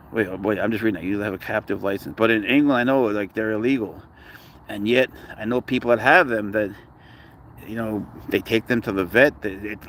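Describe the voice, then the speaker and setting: A man from Canada hosting a pet livestream, chatting casually and in slang with viewers and greeting them by where they tune in from. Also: a little hiss or hum. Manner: slangy, shouts out viewers' locations; rises into high playful baby talk with his pet. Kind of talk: casual live chat with viewers.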